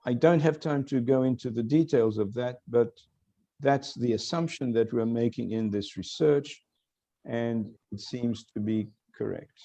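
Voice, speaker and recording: An older man lecturing online as a professor, explaining slowly and quizzing his students. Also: mid-range voice, dark tone. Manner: explanatory, questioning students, self-correcting.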